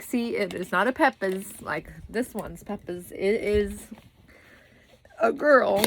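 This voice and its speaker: A woman's voice: fairly low pitch, a little hiss or hum. A young woman, talking casually to the camera in a rambling, tired way. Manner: rambling, chatty, breaks off to talk to her toddler. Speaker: vlogger.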